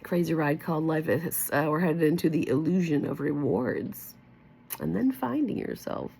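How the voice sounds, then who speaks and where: A woman's voice: low-pitched, moderate pace, vocal fry, mellow, slightly rough. A woman reading a book aloud to her camera, stopping to comment in a giddy, affectionate, sing-song way. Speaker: book reader and vlogger. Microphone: facing her own camera.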